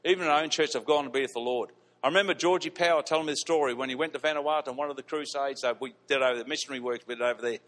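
A man preaching a storytelling sermon in a church, animated and repeating lines for emphasis. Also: medium pitch, rapid-fire. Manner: animated, repeats lines for emphasis, laughs at his own stories. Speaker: pastor. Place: church hall. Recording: long reverb of a church hall.

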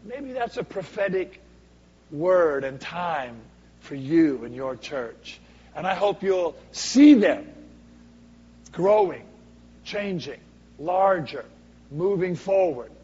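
A man preaching a sermon as a guest speaker, swinging from booming to hushed for dramatic effect. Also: lively intonation, takes it slowly, pauses often, breathy edge. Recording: echoey hall, dull lo-fi sound.

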